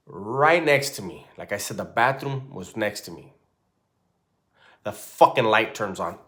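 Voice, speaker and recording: A man in his forties casually telling a true ghost story in a loose, profane, animated way, often checking in with "right?". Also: fairly low pitch, measured pace.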